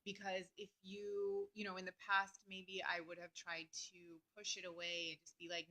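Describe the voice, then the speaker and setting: A woman vlogger talking earnestly and openly about her feelings, with many fillers and pauses. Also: lowish voice, little pitch movement, sharp tone, low-quality recording. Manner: earnest, heartfelt, talks through emotion with many fillers. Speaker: astrology vlogger. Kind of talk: personal reflective talk to camera.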